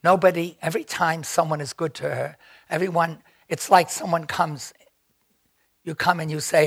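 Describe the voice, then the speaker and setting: Older man, raised pitch and a husky edge, spinning animated stories with side tangents, dry close sound. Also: normal speed, dry recording. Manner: animated, acts out quoted voices; digressive, rambling. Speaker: interviewee. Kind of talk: storytelling anecdote.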